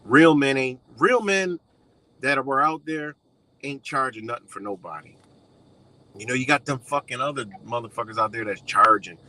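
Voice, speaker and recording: A man's voice: medium pitch, normal speed, sharp tone, low-quality recording. A man with a Western New York accent ranting casually to camera, blunt and profane, rambling with lots of fillers.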